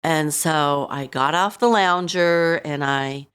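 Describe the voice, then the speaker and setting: A middle-aged woman, a podcast guest, telling a painful personal story in a halting way, full of "you know" and re-enacted lines. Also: low voice, a bit bright, smooth. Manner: halting, full of you-knows, re-enacting her own words.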